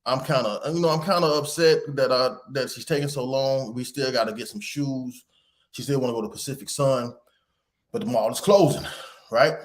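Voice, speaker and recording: A man hosting a podcast, telling a rambling story with lively quoted voices and casual swearing. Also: mid-range voice, normal speed. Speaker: podcast host.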